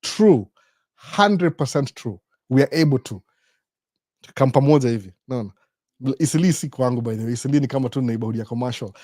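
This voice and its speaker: This is a middle-aged Kenyan man with a Kenyan accent, hosting a relaxed live Q&A stream. He talks at a brisk clip in a mellow, dark voice, recorded dry and close. He rambles from one story to the next, putting on the voices of the people he quotes. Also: mid-range voice, no room sound. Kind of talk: casual live-stream chat mixing Swahili, Sheng and English.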